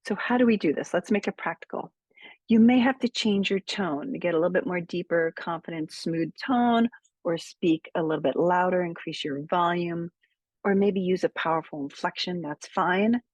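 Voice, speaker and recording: A woman coaches viewers on speaking, her low voice husky and slightly breathy. She talks in a measured, emphatic way, leaning on key words and pausing on purpose. The sound is close and dry. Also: no room sound. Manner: measured, emphatic, deliberate pauses. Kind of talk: direct-to-camera speaking tips.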